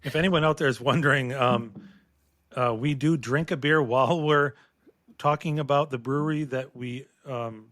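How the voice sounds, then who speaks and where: A man co-hosting a casual beer-tasting podcast, talking in a relaxed, rambling way with fillers and restarts. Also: medium pitch, normal speed, no echo. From Minnesota. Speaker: podcast co-host. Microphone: podcast microphone.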